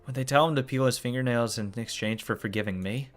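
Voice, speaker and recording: With faint music behind him, a man with a medium-pitched voice reads a visual novel at a quick pace as a let's play host. He stops between lines to swear and groan in shock.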